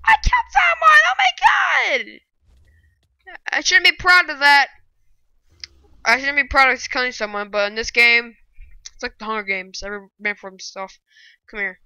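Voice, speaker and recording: A woman giving live gameplay commentary, excitable and bursting into loud shouting rants. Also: on the high side, moderate pace, long pauses, clean tone, dry recording. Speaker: gaming video creator.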